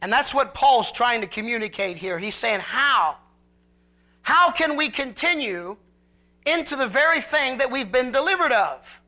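A pastor delivers a sermon with a bright, sharp edge to the voice. Scripture is read slowly and drawn out, and the key phrases swell louder and higher with fervor. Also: expressive. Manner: slow, drawn-out scripture reading.

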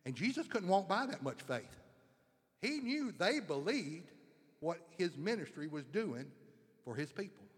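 High-voiced fervent preacher, echoing. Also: male voice, sing-song, a little slow, breathy edge. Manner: fervent, repetitive, rising emphasis. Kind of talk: sermon.

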